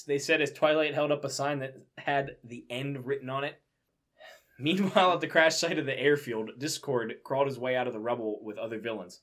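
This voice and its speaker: A man's voice: medium pitch, brisk, fairly bright tone. A young man with a mid-range voice reads a fan story aloud for comedy. He breaks in with wry, dry remarks about what the story says. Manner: wry commentary between read passages. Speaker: co-reader. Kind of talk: comedic dramatic reading.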